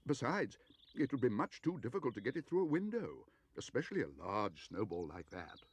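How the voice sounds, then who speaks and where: A man's voice: medium pitch, sing-song, brisk, slightly rough. A man voicing a polite, earnest young bear in a storybook reading, speaking courteously.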